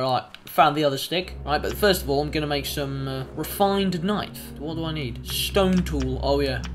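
Young male gamer, jumpy and profane, bright, animated delivery, some music behind. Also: fairly high pitch. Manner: excitable, swears a lot, bursts into yelps. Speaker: gaming YouTuber. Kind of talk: let's play commentary.

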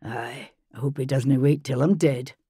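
A woman voicing a weary, stoic Scottish husband in an audiobook, with a dry, gruff, understated delivery. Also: rumbling low, fairly even intonation, a little slow, mellow, no room sound, heavily acted. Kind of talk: audiobook character voice.

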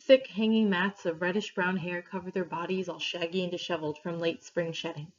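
A woman reading a story aloud to her class, clear and steady, pausing for questions. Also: lowish voice. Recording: dull lo-fi recording.

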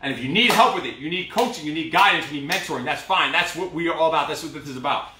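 A man's voice: a little high, lively intonation, quick pace, a little hiss or hum. A man, a fitness trainer, calling out workout combos and giving a blunt, profane pep talk, out of breath. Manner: shouted drill cues, profane motivational talk. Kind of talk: live workout coaching. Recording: echoey room, from far off mic.

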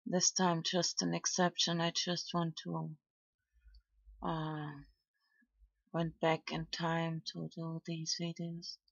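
Slow, halting woman vlogger. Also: on the low side, monotone, creaky, dry recording, lo-fi sound. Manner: halting, hesitant, trailing off with fillers. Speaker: video blogger. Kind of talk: casual vlog commentary.

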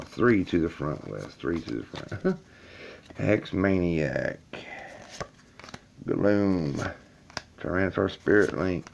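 In a laundry room, a YouTuber films himself opening trading card packs on a camera set on a table, chatting casually with his viewers and getting frustrated. His voice is low with vocal fry, and the lo-fi recording carries a little hiss or hum.

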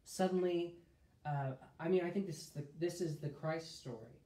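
A man's voice: on the high side, moderate pace, dark tone. Man leading a Bible study, roomy echo. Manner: thinks aloud with restarts, reads scripture in a lifted voice. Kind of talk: casual Bible study teaching. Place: room streamed live.

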